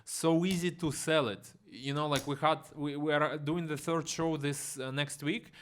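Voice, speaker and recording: A man's voice: on the high side, fairly even intonation, moderate pace, a bit bright, slight background noise. A man from Siberia with a Russian accent, a guest comedian chatting casually on a podcast, hesitant and full of fillers. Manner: hesitant, many fillers and restarts.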